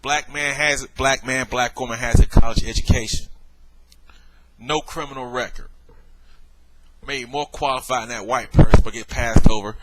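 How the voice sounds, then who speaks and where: A man's voice: medium pitch, fairly even intonation, moderate pace, long pauses, dry recording, poor audio. Worked-up man lecturing a viewer. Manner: lecturing, exasperated, addresses viewer directly. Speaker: vlogger. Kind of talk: heated video rebuttal.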